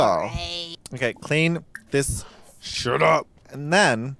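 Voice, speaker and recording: A man's voice: fairly high pitch, slow pace, gravelly, a bit bright. A young man, a drag queen, chatting casually and swearing freely while playing a life-sim game. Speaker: drag queen let's play host. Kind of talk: casual gameplay commentary.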